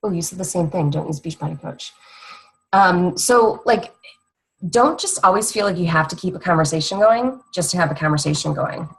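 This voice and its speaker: Young woman coach, low gravelly voice, husky, chatty and rambling, casual training talk. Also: moderate pace, poor audio. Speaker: fitness coach.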